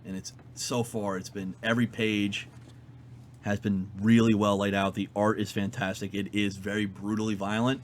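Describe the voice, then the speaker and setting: A man co-hosting a comic book podcast, retelling a comic's story in a lively, casual way with fillers. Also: lowish voice, normal speed, a little hiss or hum. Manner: animated retelling, fillers, quotes characters in his own voice. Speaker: podcast co-host reviewing comics. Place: comic shop.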